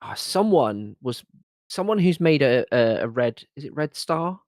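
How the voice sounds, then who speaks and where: A man's voice: mid-range voice, very animated, a little slow, a little mellow, no echo. Enthusiastic man chatting on a stream. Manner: enthusiastic, rambling with restarts. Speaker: co-host. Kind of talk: casual livestream chat.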